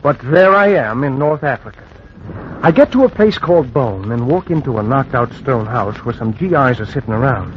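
A man's voice: mid-range voice, lively intonation, fairly quick, a little hiss or hum, natural voice. A man playing a cocky, mocking critic. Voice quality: mocking, breezy. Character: cocky male theater critic turned war correspondent. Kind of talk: 1940s radio acting. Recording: dull old radio recording.

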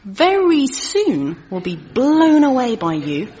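A woman's voice: high-pitched, wildly swooping pitch, takes it slowly, mellow, full character voice. An actress playing an earnest, talkative middle-aged woman who minds a sulky teenage boy and speaks in a carefully formal way. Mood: encouraging. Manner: prim, carefully formal phrasing. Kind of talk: sitcom acting. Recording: slightly muffled TV audio with faint crowd and noise.

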